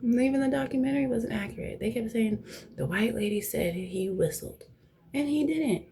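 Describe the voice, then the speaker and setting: A woman's voice: a little high, normal speed, vocal fry, warm tone. A young woman host telling personal stories in a casual, blunt, profane way, often dropping to a near whisper. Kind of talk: casual storytelling chat.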